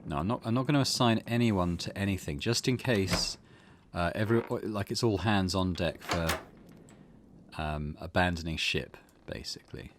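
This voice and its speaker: A man hosting a let's play at home, thinking aloud in a relaxed way with many fillers. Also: sits low, moderate pace, noisy background. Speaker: gaming channel host. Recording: game music behind.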